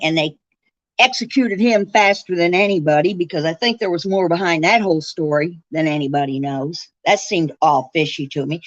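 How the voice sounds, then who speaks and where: A woman in her seventies delivers a blunt, heated, profane monologue to her livestream viewers. Her voice sits low for a woman. The audio is dry and a little muffled, like a home webcam or phone mic. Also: dry recording. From upstate New York. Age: 70s. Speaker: livestream host.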